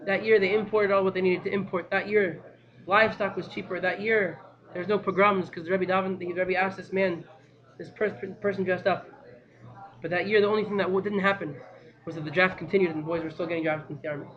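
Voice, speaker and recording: A man teaching a class by telling a story in an animated, excitable way, repeating phrases for emphasis. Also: high-pitched, dull audio.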